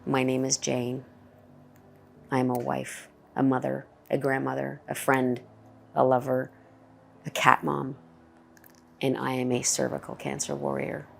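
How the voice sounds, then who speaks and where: A woman's voice: a bass voice, monotone, measured pace, creaky, pauses often, faint music behind. A middle-aged woman candidly telling her own story as a cancer patient, in a conversational personal testimony.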